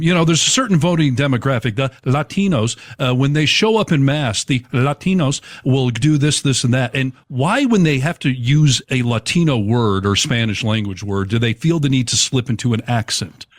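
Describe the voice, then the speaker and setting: A man's voice: mid-range voice, dry recording. Brief: man, podcast co-host, dry wry delivery, close dead sound. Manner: dry, wry, reads out phrase origins. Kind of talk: casual chat.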